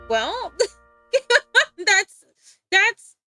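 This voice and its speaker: A woman's voice: a little high, lively intonation, normal speed, pushed and bright, soft background music. A young woman streaming live while drawing, chatting playfully with viewers and giggling often. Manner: giggly, playful, rambling, talks to chat.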